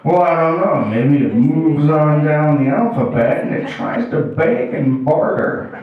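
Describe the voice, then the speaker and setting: A high-pitched American man does a rowdy stand-up set at a house party. He shouts and half-sings his rants. He is caught by a distant camera in a very echoey room. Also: lively intonation, unhurried, phone-quality sound. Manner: rowdy, shouting and singing when ranting as himself. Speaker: stand-up comedian. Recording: very echoey room, far from mic.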